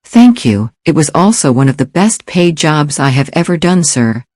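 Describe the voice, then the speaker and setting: A man's voice: on the high side, sing-song, normal speed, a little mellow, no room sound, studio quality. A man voicing a cold, polite male assassin with an English accent, slightly nasal, formal and fearless. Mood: cool. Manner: formal, fearless, says "sir".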